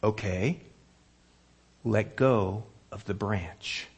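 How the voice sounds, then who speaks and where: A preacher voicing God as calm and unhurried, speaking low and steady to a frightened man. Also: husky, exaggerated voice.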